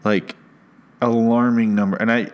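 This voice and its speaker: A man's voice: mid-range voice, level tone, measured pace, smooth. A man hosting a comedy podcast from a studio, talking into a close mic in a rambling, sarcastic, self-mocking way. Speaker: podcast host. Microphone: studio mic with headphones.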